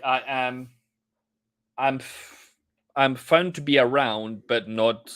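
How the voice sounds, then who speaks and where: A man hosting a live trading stream, commenting on market moves in a playful, jokey way and breaking into excited chanting. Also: fairly low pitch, no echo, clean studio sound.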